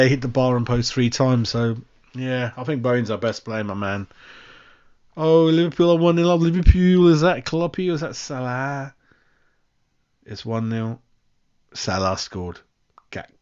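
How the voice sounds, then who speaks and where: A man's voice: on the low side, lo-fi sound. A man hosting a fan live stream, rambling casually and calling everyone mate. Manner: chatty, rambling, says mate constantly. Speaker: fan channel host.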